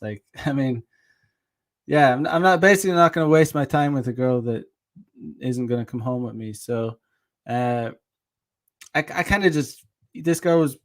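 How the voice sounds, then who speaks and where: A man hosting his own channel, telling a dating story in a rambling, casual monologue with frequent restarts, swearing and short laughs. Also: mid-range voice. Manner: reads out viewer comments. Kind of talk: casual monologue with reenacted dialogue.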